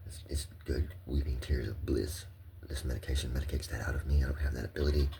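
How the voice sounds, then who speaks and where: A man giving a rambling personal monologue. He is profane, repeats himself, and swings between hushed murmurs and loud, heated outbursts. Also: a bass voice, gravelly, slight background noise. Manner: profane, repetitive and impassioned.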